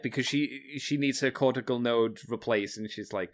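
A man's voice: medium pitch, normal speed. A man co-hosting a fan podcast in casual chat, blunt and sardonic, with the odd swear word. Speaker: podcast co-host.

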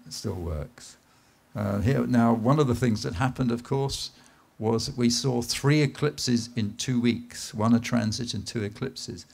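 A man from England giving a live slide presentation at an art event, telling stories in an unhurried way with frequent "uh"s and some lines dropping to a soft voice. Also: mid-range voice, creaky. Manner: unhurried, anecdotal, with filler "uh"s and dips to a soft voice. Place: event space in a garden venue.

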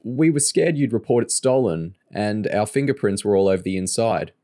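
A man's voice: on the low side, lively intonation, normal speed, warm tone, lightly acted. A man voicing a nervous twelve-year-old boy, in a raised, anxious voice.

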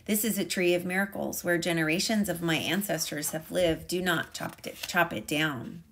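A woman's voice: on the low side, moderate pace, fairly bright tone. A woman voicing a male boa constrictor who hisses his words in a storybook read-aloud. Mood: urging. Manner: hissing. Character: wise male boa constrictor, hissing softly.

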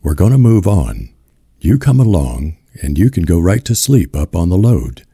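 A man doing steady young farmhand Tom. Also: deep voice, moderate pace, breathy edge, no echo, clean studio sound, full character voice. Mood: firm.

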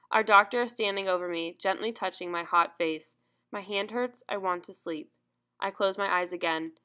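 A woman reading memoir narration aloud in a measured, earnest way. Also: medium pitch, fairly even intonation, bright, forceful tone, clear, resonant tone. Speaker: audiobook narrator.

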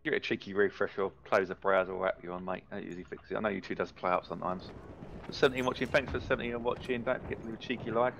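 A man's voice: lowish voice, steady tone, rapid-fire, creaky, fairly bright tone, highs cut off, soft background music. A man streaming a game, chatting casually, swearing often and reading out viewer comments. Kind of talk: casual gaming stream chat.

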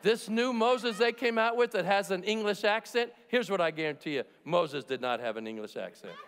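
A man's voice: high voice, animated, moderate pace, a bit bright, clean tone. A man preaching a sermon as pastor, in an emphatic and jokey way, acting out the people he quotes. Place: large church sanctuary. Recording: long reverb of a church hall.

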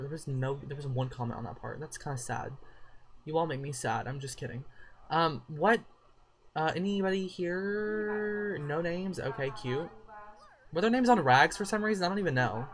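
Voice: mid-range voice, a bit bright. A gameplay commentator giving casual let's-play commentary, sassy and profane, scolding the characters on screen.

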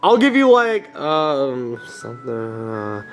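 A young man voicing a sly, nosy adult plumber in a fan puppet video, dropping his voice low. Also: very animated, takes it slowly, soft background music. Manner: deep, sly.

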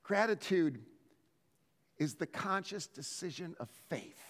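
A man preaching a sermon as pastor, telling stories in an animated way and often restarting his words. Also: high-pitched, slow pace, in a large hall. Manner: animated storytelling with frequent word restarts.

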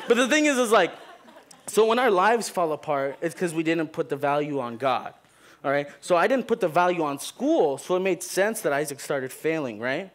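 A man's voice: fairly high pitch, moderate pace, a little hiss or hum. A young man preaching a sermon, telling a funny story and acting out the people in it. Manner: animated, jokey, acts out people in the story. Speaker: pastor.

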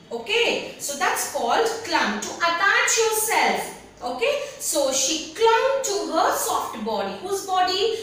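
A woman teaching a story lesson to students, patient and repetitive, pausing to have them underline words. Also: high voice, sharp tone, distant mic. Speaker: English teacher. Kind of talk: online class lesson explaining a story. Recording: very echoey room, away from mic, faint noise.

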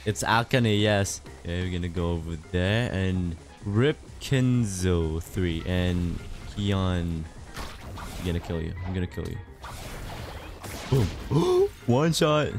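A young man giving casual commentary over his own gameplay, excitable and laughing, repeating short phrases. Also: low voice, slow pace, soft background music. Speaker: gaming youtuber.

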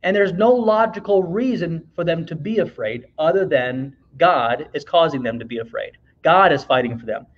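At a moderate pace and with hardly any pauses, a high-voiced man leads a Bible lesson in a relaxed, conversational way. He reads verses, asks the class questions and adds a joke here and there, and the sound is dull and lo-fi.

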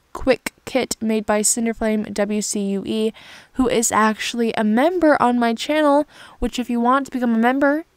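A woman's voice: fairly high pitch, no echo. A woman hosting her own channel, chatting casually and gushing sentimentally about fan art, often sighing. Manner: gushing and sentimental, with frequent sighs. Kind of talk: casual chat.

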